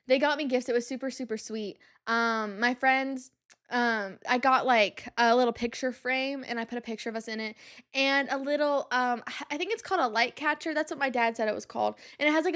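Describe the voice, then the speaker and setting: A young woman with a high, bright-sounding voice chats through a casual podcast monologue. She talks in an animated, exasperated rush of "like" and "um" while telling personal stories. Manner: animated and exasperated, with lots of fillers like "like" and "um". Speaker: podcast host.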